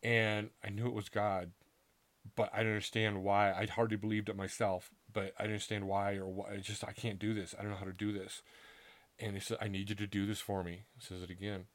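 A middle-aged man earnestly recounting a personal story in a casual, halting way, acting out what people said to him. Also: fairly low pitch, flat delivery. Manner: earnest, halting, with restarts and acted-out quotes. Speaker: author telling his story.

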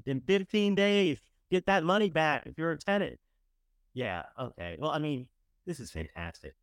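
A man's voice: a little high, expressive, normal speed, dry recording. A man hosting a morning talk show, giving blunt, profane opinions in a casual style. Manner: blunt, profane, swings from scornful to gushing.

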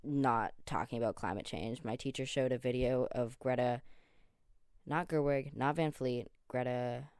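A young podcast host in their late teens rambles through a loose solo monologue, full of "um"s and "like"s, doubling back whenever a name slips away. The voice sits at an ordinary middle pitch. It is recorded close and dry in a small quiet room. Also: a little slow, clear, resonant tone, no echo. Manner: rambling, filler-heavy, self-deprecating, loses track mid-sentence.

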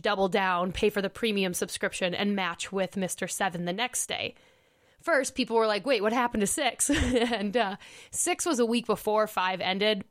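A young woman from Minnesota hosting a podcast, telling a dating story in a chatty way and laughing often. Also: mid-range voice. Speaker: podcast host. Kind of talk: casual storytelling podcast chat.

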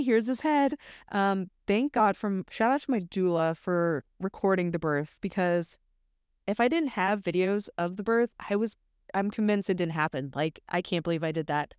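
A woman's voice: lowish voice, clear, resonant tone, no echo, studio quality. A young woman telling a story in a casual, candid way, chatty, full of ums and likes. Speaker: podcast host.

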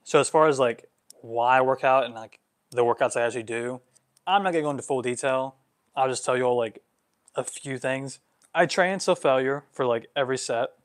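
A man in his twenties, a vlogger answering follower questions on a livestream, animated, getting worked up, with many "like" fillers. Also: medium pitch, brisk. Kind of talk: livestream Q&A monologue.

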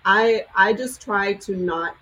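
A woman, co-hosting a podcast, speaking openly and warmly in casual conversation. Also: medium pitch, slow pace, a little hiss or hum, rough recording. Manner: open, heartfelt, chatty. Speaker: podcast co-host.

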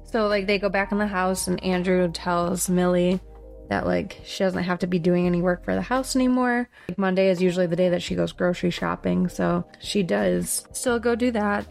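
Woman co-host, gravelly edge, casual book-chat recap, faint music bed. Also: fairly low pitch, fairly even intonation, normal speed, darkish tone. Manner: chatty plot recap with fillers. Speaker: podcast co-host.

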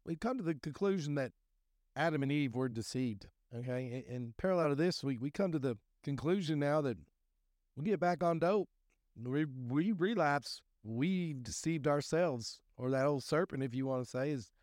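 A man's voice: on the high side, expressive, normal speed, a little mellow, no echo, clean studio sound. A man giving a rambling, folksy talk on scripture and recovery, full of restarts and fillers. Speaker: recovery podcast host.

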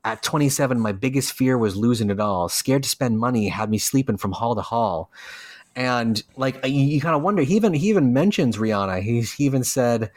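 A man co-hosting a podcast, talking casually about a rap album at a middle pitch. He gets animated and swears, slipping into mocking voices when he rants. The sound is close and dry, with no room in it. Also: brisk, dry recording. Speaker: podcast co-host.

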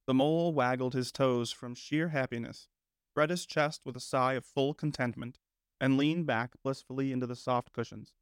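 A man narrating a classic storybook in a measured, gentle, unhurried manner. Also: medium pitch, fairly even intonation, clear, resonant tone, no room sound, studio quality. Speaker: audiobook narrator.

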